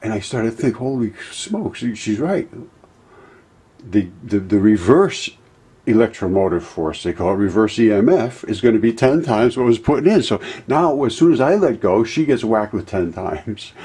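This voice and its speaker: A man presenting an informal science lecture, explaining in a loose, animated way and sometimes acting out voices. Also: fairly low pitch, breathy edge.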